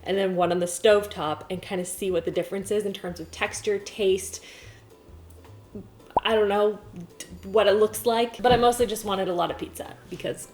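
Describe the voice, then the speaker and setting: A woman's voice: medium pitch, steady tone, normal speed, darkish tone, soft background music. A pregnant young woman in her kitchen, chatting to a camera on a stand as she cooks and mocking herself. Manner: chatty, self-mocking, talks to herself while cooking. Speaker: cooking vlogger. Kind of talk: casual chat to camera. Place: home kitchen.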